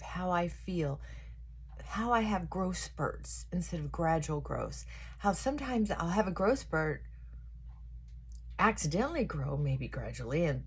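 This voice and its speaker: A middle-aged woman talks through her makeup routine in a loose, wandering way, often trailing off mid-thought. Her voice sits a little low and has a husky edge. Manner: rambling, reflective, trailing off. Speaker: vlogger. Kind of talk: casual chat while doing makeup.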